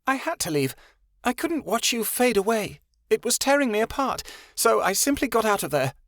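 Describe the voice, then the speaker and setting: A man's voice: sits high, sing-song, brisk, fairly bright tone, no echo, studio quality, voice pushed up. A man voicing an emotional young woman, a loving older sister with a quivering, heartfelt way of talking. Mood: tearful.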